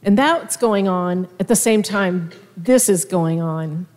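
A woman giving a halting, heartfelt testimony in a church. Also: fairly low pitch, darkish tone. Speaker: minister's wife. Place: church sanctuary. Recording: church hall reverb.

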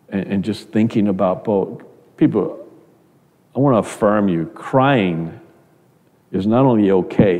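A man preaching with a low, mellow voice, earnest and conversational, doubling back on his words as he talks. His sermon rings out with a long reverb, as if it were recorded in a large church sanctuary.

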